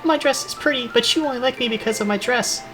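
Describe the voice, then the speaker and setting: A man voicing a sassy young woman heroine in a game, with a high, whiny put-on voice. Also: quick pace. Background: game music.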